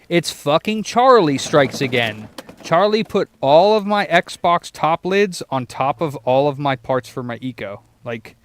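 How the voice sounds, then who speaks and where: A man's voice: on the high side, a little hiss or hum. A young man running a repair shop, chatting casually and swearing while he searches for parts and works, talking to himself and his viewers. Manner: profane, rambling, talks to himself and chat. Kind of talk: casual livestream chat while working.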